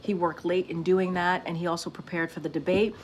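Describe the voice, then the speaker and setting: A woman answering questions at a press briefing in a measured, hedging way with many fillers. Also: on the low side, level tone, slight background noise.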